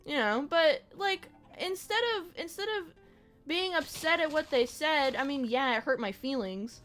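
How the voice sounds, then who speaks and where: A woman's voice: high voice, unhurried, a bit bright, soft background music. A young woman streaming a game, chatting casually in a rambling, reflective way with slang and swearing. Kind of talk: casual chat while gaming on stream.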